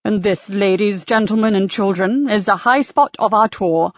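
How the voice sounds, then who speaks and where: A woman's voice: medium pitch, normal speed, no room sound, lightly acted. A woman voicing a fussy, theatrical male church tour guide who announces things grandly. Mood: grand, courteous. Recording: dry, slightly dull audiobook recording.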